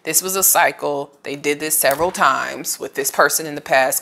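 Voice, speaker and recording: A woman with a low voice gives a casual tarot reading, talking straight to her viewer. She is chatty and emotional and uses plenty of slang. A faint hiss runs under the recording. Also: steady tone, moderate pace, hardly any pauses, a bit bright. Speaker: tarot reader.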